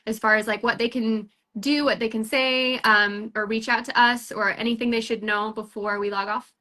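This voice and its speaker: A woman's voice: on the high side, steady tone, normal speed, sharp tone. A woman hosting a casual recruiting chat for a sales team, upbeat and rambling, full of fillers and restarts.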